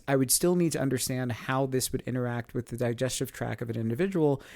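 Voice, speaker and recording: A man hosting a podcast, telling a personal story in a casual, animated way and laughing between lines. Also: medium pitch. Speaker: podcast host.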